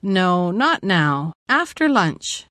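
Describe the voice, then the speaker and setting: A woman reading the part of a gentle, loving male spiritual master in a slow, tender, teasing manner. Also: on the low side, big pitch swings, no room sound, clean studio sound, heavily acted.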